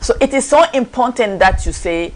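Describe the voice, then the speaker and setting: A woman's voice: a little high, lively intonation, normal speed, rough recording. A woman co-hosting a faith-based wellness show, giving casual advice to wives and couples and acting out little quoted scenes. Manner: speaks directly to wives and couples.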